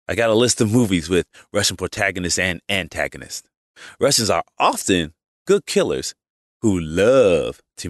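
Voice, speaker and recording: A low-voiced man hosts his podcast with an easygoing, rambling opinion monologue full of restarts and asides. The recording is dry and clean, with studio sound.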